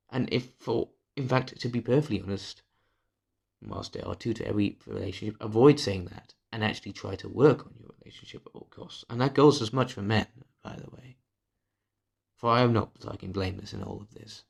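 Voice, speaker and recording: A man recording a confessional vlog, speaking candidly and bitterly, swearing freely and often sinking to a hushed murmur. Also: fairly low pitch, normal speed, gravelly, husky. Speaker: vlogger. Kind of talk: confessional personal vlog monologue.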